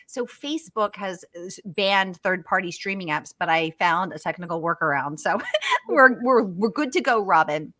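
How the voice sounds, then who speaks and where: A woman's voice: mid-range voice, very animated, sharp tone, no echo. A woman hosting a livestream author Q&A, chatting bubbly and gushing as she reads viewer comments. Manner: bubbly and gushing, quick asides, frequent laughs.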